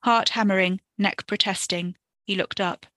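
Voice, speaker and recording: Bright-voiced woman reading a story. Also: mid-range voice, fairly even intonation, normal speed, no room sound. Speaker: podcast narrator.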